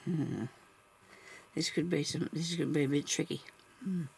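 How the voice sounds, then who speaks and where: A woman's voice: low voice, measured pace, creaky, darkish tone, a little hiss or hum. A woman vlogging as she crafts, chatting casually and thinking aloud, laughing often at herself.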